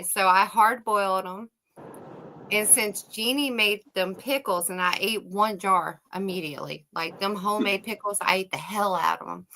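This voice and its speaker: A woman, co-hosting a casual livestream chat, a loud, laughing, salty storyteller. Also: medium pitch, poor audio. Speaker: co-host.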